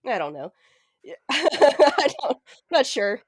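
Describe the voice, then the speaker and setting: A woman's voice: sits high, sing-song, slow pace, breathy edge, dry recording, clean studio sound. A woman in her thirties, a podcast co-host telling a story in casual chat, laughing often and swearing freely. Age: 30s.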